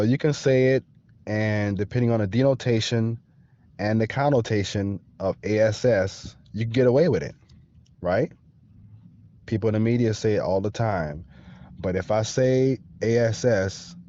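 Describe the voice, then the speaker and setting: This male podcast host has a fairly low, mellow voice, captured in a dry recording with the highs cut off. His casual monologue moves slowly, and he checks in with the listener again and again.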